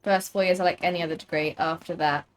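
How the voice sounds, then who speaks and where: A woman's voice: lowish voice, fairly even intonation, fast talker, slight background noise. A young British woman streaming a game, chatting casually and rambling with lots of fillers. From United Kingdom. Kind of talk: casual gaming chat.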